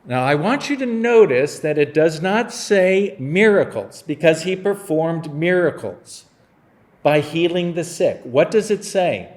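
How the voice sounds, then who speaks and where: A pastor whose voice sits a little higher than most men's preaches a sermon, walking the congregation through a Bible passage conversationally and slipping into playful, humorous retellings of the scenes. He speaks in a sing-song way at a measured pace, barely pausing.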